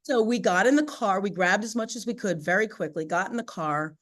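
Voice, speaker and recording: A woman as a podcast guest, telling a personal story in animated, chatty conversation with frequent fillers. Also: mid-range voice, brisk. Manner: animated, chatty, laughs often, many "you know" and "right?" fillers.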